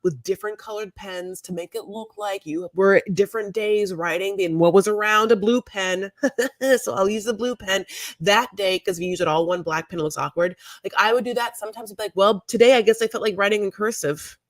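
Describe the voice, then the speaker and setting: A woman's voice: medium pitch, brisk, dry recording, studio quality. Rambling, profane woman in her forties. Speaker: podcast co-host. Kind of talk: casual chat.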